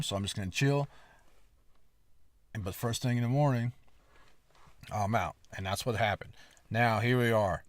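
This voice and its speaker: A man's voice: low-pitched, moderate pace, no echo. A man hosting a podcast, telling a long story in a casual, rambling way, with a lot of swearing and emphatic asides. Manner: lively, emphatic retelling. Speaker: podcast host.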